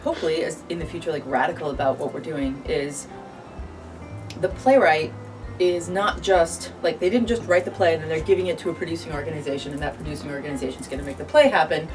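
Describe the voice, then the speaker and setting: A woman's voice: low voice, fast talker. A woman guest in a casual interview, playful and sarcastic, laughing easily as she talks about her acting work. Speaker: actor and director, guest. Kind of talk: casual interview chat over drinks. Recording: distant mic with clear background music.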